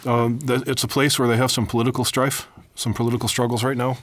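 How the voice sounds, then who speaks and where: An American man co-hosting a podcast, telling ironic jokes with a deadpan delivery in a studio. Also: mid-range voice, fast, no room sound. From United States. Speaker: podcast co-host. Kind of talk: joking casual chat. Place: recording studio.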